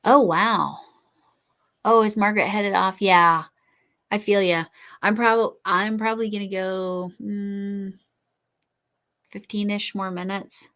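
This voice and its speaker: A woman's voice: mid-range voice, fairly even intonation, slow pace, pauses often, a bit bright. A middle-aged woman hosting a casual crochet livestream, rambling and apologetic as she answers viewer comments. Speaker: livestream host. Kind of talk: casual chat while crocheting.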